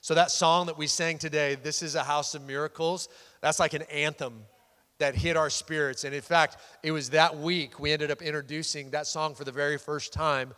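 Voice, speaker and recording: A loud, excitable man preaching a sermon as a pastor, animated and full of quick restarts. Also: on the high side. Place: church sanctuary. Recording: long hall reverb.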